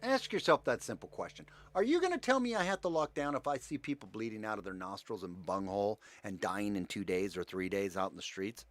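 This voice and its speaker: Sarcastic man with lively pitch. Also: fairly quick, few pauses, no echo. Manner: sarcastic, mocking, rambling with restarts. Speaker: livestream host. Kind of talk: sarcastic commentary rant.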